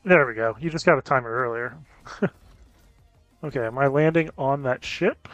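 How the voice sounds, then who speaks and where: A man giving casual gameplay commentary as a gaming YouTuber, chatting with viewers and reacting out loud to close calls. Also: mid-range voice, normal speed, dry recording, faint music behind. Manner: chatty, reacts loudly to near misses.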